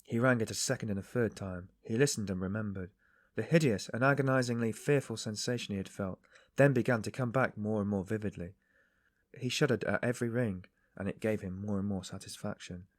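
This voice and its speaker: A man reading a novel aloud as an audiobook narrator in a measured, even way. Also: lowish voice, no echo, studio quality. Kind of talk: scripted narration.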